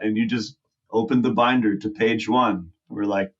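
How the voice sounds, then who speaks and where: A man's voice: lowish voice, fairly even intonation, moderate pace. Man in his forties, guest, rambling anecdote, many fillers, muffled lo-fi sound. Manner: rambling with fillers and restarts, acts out quotes. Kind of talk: casual storytelling. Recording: muffled lo-fi audio.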